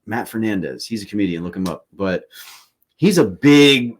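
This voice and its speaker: Man, low-ish voice, casual podcast storyteller, swears a lot, rambles. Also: animated, moderate pace. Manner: loose, profane storytelling with frequent fillers. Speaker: podcast host. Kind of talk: casual chat.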